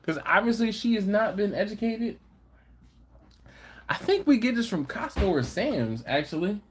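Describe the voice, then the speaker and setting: A man's voice: sits high, very animated, normal speed, breathy edge. A man hosting a barbecue live stream, casually reading viewer comments with playful, slangy banter. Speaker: barbecue channel host.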